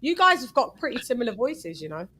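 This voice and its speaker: Woman, panel host, bright and pushy, cuts in and argues hard. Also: fairly high pitch, sing-song, a little hiss or hum, poor audio. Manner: talks over others, argues firmly, quick questions. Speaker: host of a boxing panel show. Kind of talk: casual panel chat.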